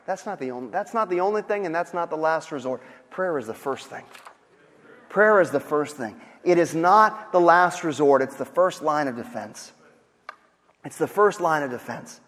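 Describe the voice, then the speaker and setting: A man's voice: on the high side, expressive, moderate pace, a bit bright. A man preaching a sermon as pastor, dynamic, acting out panicked voices of others. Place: church sanctuary. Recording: long hall reverb.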